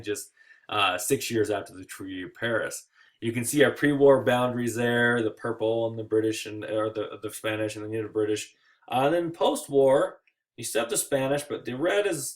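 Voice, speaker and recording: Guy teacher doing a chill slide lecture, jokey asides, medium voice. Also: mid-range voice. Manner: casual, joking asides with playful quoted voices. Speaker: history teacher.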